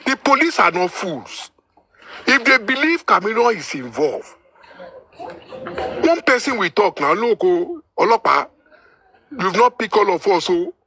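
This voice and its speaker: Emphatic Nigerian man, high lively voice. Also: unhurried, pauses often, slightly rough. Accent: Nigerian, Yoruba. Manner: emphatic, repeats himself, pleading and defiant. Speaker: supervisor of an online discussion. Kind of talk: heated live audio chat.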